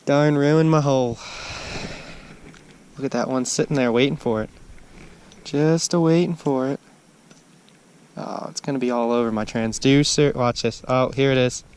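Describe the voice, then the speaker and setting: An excitable man talking casually to the camera, outdoors on a frozen lake, with a faint outdoor hush behind him. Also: medium pitch, normal speed, pauses often, slight background noise. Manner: excitable, exclaims loudly when he lands a fish. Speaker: angler filming his fishing trip. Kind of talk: casual running commentary.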